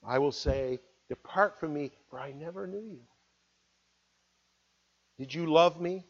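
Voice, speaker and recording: A high-voiced man delivers an earnest sermon, rising to loud appeals and then dropping to hushed words. The recording sounds dull and lo-fi. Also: measured pace, breathy edge. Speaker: pastor.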